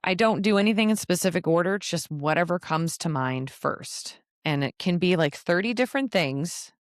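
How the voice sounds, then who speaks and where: Speaking alone on her podcast, a woman who is both host and travel advisor offers casual business tips, chatting freely with frequent laughter and playful asides. Her fairly low voice sounds animated at a normal speed, captured in studio quality with no echo.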